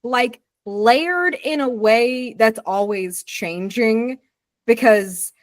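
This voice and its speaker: Playful higher-voiced woman player. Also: very slow, no echo. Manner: playful, animated storytelling. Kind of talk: casual chat describing a character.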